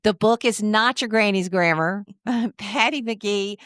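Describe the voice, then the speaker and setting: A woman's voice: medium pitch, measured pace, fairly bright tone, dry recording, studio quality. A woman hosting a podcast, asking questions and signing off in an upbeat, encouraging way. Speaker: podcast host. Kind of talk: podcast interview and sign-off.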